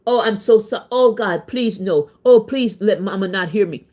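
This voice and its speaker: A man's voice: high voice, normal speed, darkish tone, close to an everyday voice. A woman putting on the voice of a panicked young man, pleading frantically in a casual vlog story. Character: panicked young drunk man, terrified of mothers.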